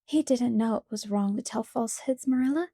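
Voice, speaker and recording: A woman voicing a gentle, imaginative young schoolteacher who speaks sorrowfully and earnestly. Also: fairly high pitch, fairly quick, slightly rough, dry recording, clean studio sound.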